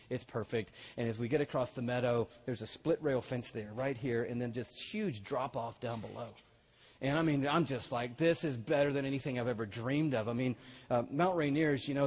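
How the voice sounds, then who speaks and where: A middle-aged male pastor telling a personal story in a sermon, animated and growing loud and excited as it goes on. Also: mid-range voice, slight background noise.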